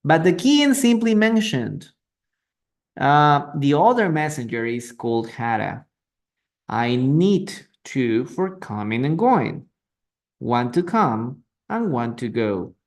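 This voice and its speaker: Slow, gravelly teacher man. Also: mid-range voice, big pitch swings. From Peru. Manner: patient, repeats words and translates into Spanish; asks students questions and greets viewers. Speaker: English teacher. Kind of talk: live online reading lesson. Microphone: phone or computer mic for a live stream.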